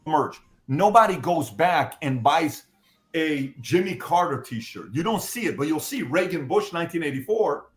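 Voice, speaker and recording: A man's voice: fairly high pitch, expressive, normal speed. A man with a Middle Eastern accent giving his political opinions, stressing his points with repetition and rhetorical questions. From Middle East.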